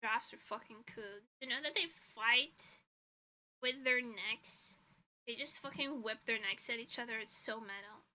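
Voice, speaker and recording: A woman with a slightly high voice talks at a measured pace, her tone pushed and bright, on a low-quality recording. She's a vtuber streamer and illustrator, chatting casually from her own room at home and rambling with giggles and swearing while sounding tired and stuffy-nosed.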